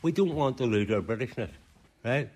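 A man's voice: medium pitch, animated, normal speed, a little mellow, breathy edge. A man answering a street interview in a blunt, insistent way.

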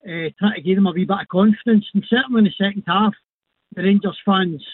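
High-voiced caller on a tinny phone line. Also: male voice, no echo. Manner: hesitant, halting with fillers. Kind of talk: casual phone-in chat.

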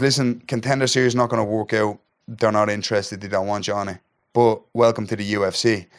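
Dublin guy rattling off a story quick, lowish voice, acts out all the back and forth. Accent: Irish, Dublin. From Ireland. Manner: animated retelling, acts out dialogue, keeps asking "do you know what I mean". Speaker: podcast guest, MMA fighter. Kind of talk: casual storytelling chat.

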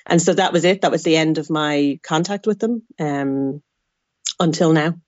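A woman's voice: deep voice, normal speed, darkish tone, no room sound, lo-fi sound. An Irish woman giving a radio interview, speaking frankly and with exasperation, with wry asides. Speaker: interview guest, adopted person.

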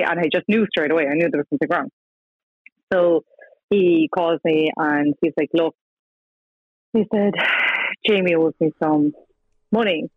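A woman's voice: sits low, moderate pace, no room sound. An Irish woman telling her story as an interview guest, chatty, acting out quoted dialogue and laughing between lines. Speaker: guest, former partner of the subject. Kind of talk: casual interview over the phone. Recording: dry tinny phone line.

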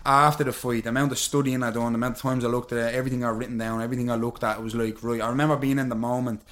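A man's voice: mid-range voice, little pitch movement, racing, a bit bright. A man, a professional fighter, talking bluntly and swearing freely in a casual podcast chat. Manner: blunt, swears freely, re-enacts moments with quoted lines.

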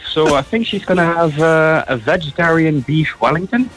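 Friendly Dutch caller, agreeable. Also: male voice, on the high side, moderate pace, a bit bright, low-quality recording. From Netherlands. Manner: friendly, repeats words, agreeable. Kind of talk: casual phone-in chat. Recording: faint music behind the call.

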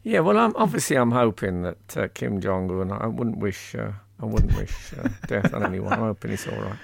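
A man's voice: on the low side, expressive, normal speed, vocal fry, dry recording. A man hosting a casual radio chat from home, joking in a dry, self-mocking way. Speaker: radio host. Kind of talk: casual banter.

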